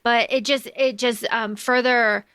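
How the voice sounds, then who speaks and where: A woman's voice: a little high, fairly even intonation, a little slow, pushed and bright, smooth, no room sound. A woman co-hosting a book podcast, chatting casually with lots of fillers and the odd swear. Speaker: podcast co-host.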